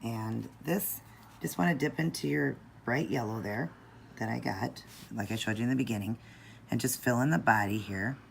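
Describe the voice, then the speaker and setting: A woman calmly talking viewers through a nail art tutorial step by step, in a patient, instructive way. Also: moderate pace, vocal fry, a little hiss or hum. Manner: patient, instructive, low-key.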